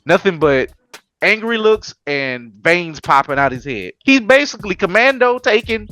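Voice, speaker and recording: Man, anime podcast co-host, bright forward tone, slangy animated banter, music faint behind. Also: high voice, moderate pace, no echo. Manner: animated, slangy, jumps into quoted voices. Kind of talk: casual anime chat.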